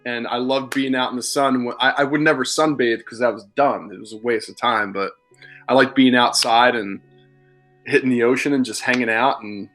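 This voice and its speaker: This podcast guest is a Philadelphia man in his thirties who swears freely while spinning rambling, candid stories in casual conversation. He speaks in a mid-range voice that's a bit bright.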